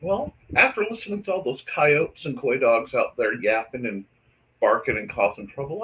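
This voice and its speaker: A man hosting a casual livestream, chatting to his audience and softly talking to his cat while he draws. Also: medium pitch, animated, normal speed, breathy edge, phone-quality sound. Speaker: host.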